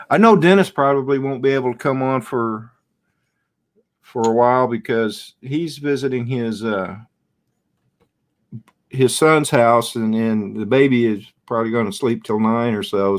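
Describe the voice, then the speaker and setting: A middle-aged man chatting on a live stream from his home camera, talking slowly and unhurriedly. He rambles from one thought to the next and stops to greet viewers and answer their comments. His voice sits at an ordinary middle pitch. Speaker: livestream host. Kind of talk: casual live-stream chat.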